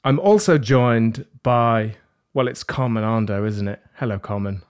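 A man's voice: mid-range voice, unhurried, darkish tone, smooth. A man hosting a podcast panel, joking and rambling in a self-deprecating way. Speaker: podcast host. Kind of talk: casual panel chat. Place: London.

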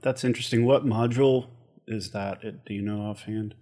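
A man's voice: lowish voice, fairly even intonation, brisk, warm tone. A man on a podcast panel, asking curious follow-up questions in casual tech chat.

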